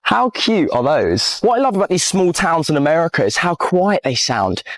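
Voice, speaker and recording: A man's voice: on the high side, sing-song, normal speed, fairly bright tone, dry recording. Man, upbeat walking vlog, dry close sound. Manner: enthusiastic, admiring. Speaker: travel vlogger.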